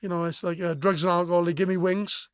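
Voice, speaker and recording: A Welsh musician in his forties, appearing as a guest, tells a personal story frankly and bluntly, swearing and acting out remembered conversations. His voice is high and level, and he talks fast and smoothly. The recording is dry and studio quality.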